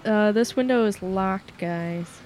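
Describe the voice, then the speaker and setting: A woman's voice: medium pitch, slow, darkish tone. A woman with a mid-range voice plays in a tabletop game, talking in a hesitant way with plenty of "um"s. She is easygoing at the table. A faint hiss runs underneath. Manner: hesitant, filler-heavy. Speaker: player.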